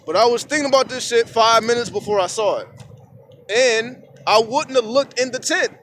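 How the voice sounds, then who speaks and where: A man's voice: sits high, moderate pace, a little hiss or hum. A man talking casually to his phone camera outdoors at sunrise, rambling and swearing as he tells stories. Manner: profane, rambling, animated storytelling. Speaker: vlogger. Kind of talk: casual outdoor vlog monologue. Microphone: phone camera at arm's length.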